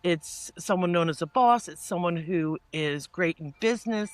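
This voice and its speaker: A man's voice: sits high, moderate pace, no echo. Chatty man giving a tarot reading. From northeastern United States. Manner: chatty and meandering, with many restarts and asides; animated when quoting people in mock-casual voices. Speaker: tarot reader. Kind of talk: casual spoken tarot reading.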